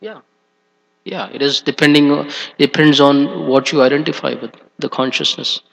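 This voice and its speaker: Man leading a temple scripture class, gravelly voice with halting fillers, dull echoey hall sound. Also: on the high side. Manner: hesitant, many fillers. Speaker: class speaker.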